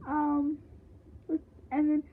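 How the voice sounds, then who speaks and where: A woman's voice: sits high, completely flat delivery, extremely slow, a little hiss or hum. A woman chatting casually as she recaps a show, rambling with lots of fillers and restarts. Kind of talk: casual chat. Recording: tinny phone-like sound.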